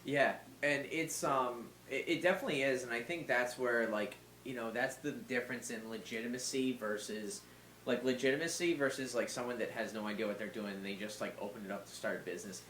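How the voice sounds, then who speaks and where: A Muay Thai fighter and trainer chats as a podcast guest in a medium-pitched, somewhat bright voice, speaking briskly. He rambles with plenty of fillers and some swearing, and the recording has roomy echo plus a faint hiss or hum.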